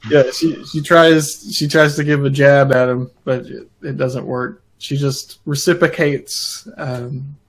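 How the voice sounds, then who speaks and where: Slow, flat-voiced tabletop player. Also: male voice, medium pitch, poor audio. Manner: slow, deliberate, hesitant. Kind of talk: describing his character's actions in a tabletop game.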